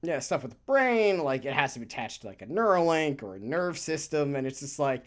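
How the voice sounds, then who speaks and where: Chatting casually on a podcast, the co-host laughs a lot and curses in passing while rambling with animation. The speech is a little fast and pitched in the middle.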